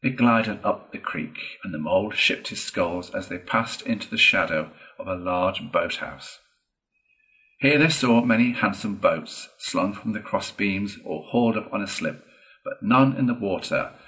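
Male storyteller with a lowish voice, reading aloud at a steady, measured pace. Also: low-quality recording. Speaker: reader. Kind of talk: reading a children's classic aloud.

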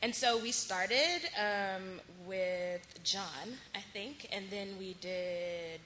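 A woman's voice: medium pitch, drawn-out words, pushed and bright. A woman pastor hosting a question and answer time in church, playful and joking about herself. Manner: playful, laughing, self-deprecating. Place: church sanctuary. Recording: echoey room with background noise.

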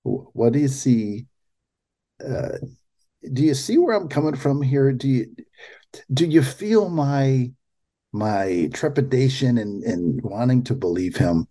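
A man's voice: medium pitch, big pitch swings, dark tone. A man hosting a political commentary show, talking in an incredulous way and often restarting his sentences. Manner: incredulous, halting with repeated restarts. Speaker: podcast host.

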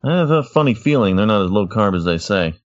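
A man with a very low voice chats casually as a podcast co-host. He talks in a relaxed, thoughtful way. The sound is dry and slightly dull. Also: fast, no room sound. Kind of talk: casual chat.

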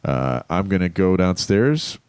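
A man's voice: low voice, big pitch swings, measured pace, a little mellow, clean tone, no echo. A man co-hosting a podcast, chatting casually and joking with loose, trailing sentences. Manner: laid-back, joking, trailing off. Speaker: podcast co-host. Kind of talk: casual chat.

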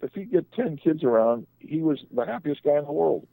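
A man's voice: fairly high pitch, big pitch swings, brisk, creaky, mellow, no room sound, rough recording. An older man, a sports agent, telling rambling anecdotes on a radio talk show, often restarting his sentences.

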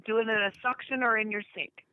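A woman's voice: fairly high pitch, steady tone, fast talker, no echo, narrow, tinny audio. A woman co-hosting a casual chat show, blunt and emphatic, swearing freely. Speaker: podcast co-host.

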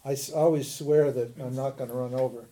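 Mellow-voiced man teaching, animated and laughing. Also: medium pitch, fairly quick. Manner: animated and chatty, laughs often, frequent restarts. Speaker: spiritual teacher. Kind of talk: informal lecture to a class.

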